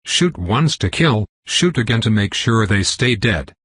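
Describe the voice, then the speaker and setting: A man's voice: lowish voice, very animated, unhurried, a bit bright, slightly rough, dry recording, exaggerated voice. A man voicing a blunt young werewolf hunter in an audiobook, lecturing soldiers on weapons.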